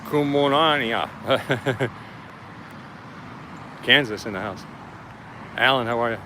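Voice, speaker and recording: A man's voice: mid-range voice, slow pace, pauses often, bright, forceful tone, a little hiss or hum. A man chatting casually on a live stream outdoors, greeting viewers by name as he walks around a police station, filming with a handheld camera. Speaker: live-streaming first amendment auditor.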